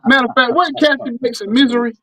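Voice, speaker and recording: A middle-aged man with a Southern US accent, hosting a casual chat and talking in animated bursts with repeated words and restarts. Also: very high-pitched, fast talker, dry recording. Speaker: podcast host.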